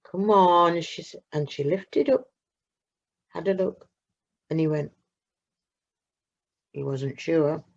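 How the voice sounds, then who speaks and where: Woman reading a kids story, husky and gravelly, dull muffled sound. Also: deep voice. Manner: slow, expressive, dramatic pauses. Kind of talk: children's story narration. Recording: muffled lo-fi recording.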